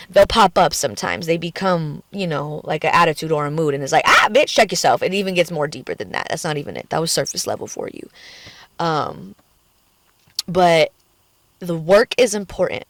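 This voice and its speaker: A woman talks frankly into her phone in a personal vlog, her speech emotional and peppered with swearing. Her voice sits a little low for a woman. The sound is dry and close, with no room around it. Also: animated, a little fast, dry recording. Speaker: vlogger. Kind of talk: candid personal vlog rant. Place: in a car at the beach.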